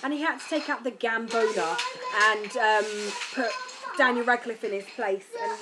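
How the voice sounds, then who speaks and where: Brief: young British woman, English accent, tired but chatty vlogger, fairly high voice, home recording with steady background noise. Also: normal speed. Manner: chatty, lively, swears casually. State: tired from lack of sleep. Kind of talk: casual chat to camera.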